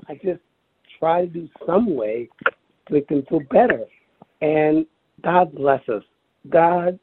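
A man recalling his experience in an interview, speaking haltingly, searching for words and repeating himself. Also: on the high side, breathy edge. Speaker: interview guest. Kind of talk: personal recollection over the phone. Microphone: telephone. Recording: tinny phone line.

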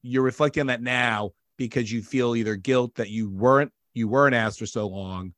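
A man hosting a casual conversational interview, talking in an animated, emphatic way and often running over others. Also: medium pitch, normal speed, dry recording, clean studio sound.

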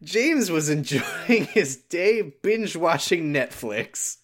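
A woman's voice: low voice, lively intonation, slow pace. A woman narrating a silly fan fiction aloud, laughing and breaking off to joke. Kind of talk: comedic fan fiction read-along.

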